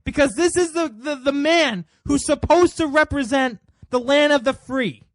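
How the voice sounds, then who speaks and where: A man's voice: extremely high pitch, normal speed, fairly bright tone, no room sound. A man hosting a political commentary show, delivering an indignant monologue full of rhetorical questions.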